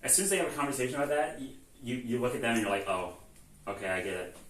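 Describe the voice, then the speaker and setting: A man's voice: mid-range voice, lively intonation, racing, fairly bright tone, slight background noise. Rambling man recapping, echoey room. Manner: rambling, lots of "like" and "um", swearing, acts out quotes. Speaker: host recapping a video game series. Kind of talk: casual storytelling recap. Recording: echoey room, far from mic, faint ambience.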